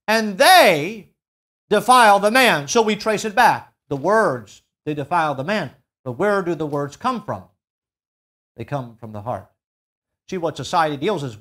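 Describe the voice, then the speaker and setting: In a church sanctuary, a male pastor delivers a sermon, shifting between loud, emphatic peaks and low, quiet drops. Expressive and unhurried, he stretches out key words while reading scripture.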